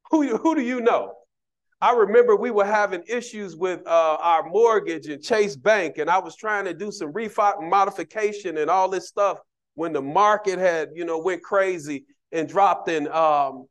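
A man preaching a sermon as a deacon in a church, in a humorous, conversational way, with asides to the congregation. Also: high-pitched.

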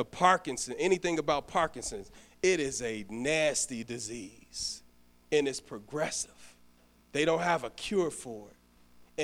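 Middle-aged man, deacon preaching a sermon with an emotional story, slightly high-pitched, building to loud peaks. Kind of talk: sermon with story and closing prayer.

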